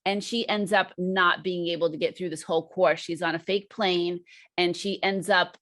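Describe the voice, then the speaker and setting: A woman's voice: lowish voice, fairly even intonation, normal speed, a bit bright. A woman co-hosting an English lesson, chattily recounting film scenes step by step. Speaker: guest co-host, English teacher. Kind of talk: casual chat retelling a film plot.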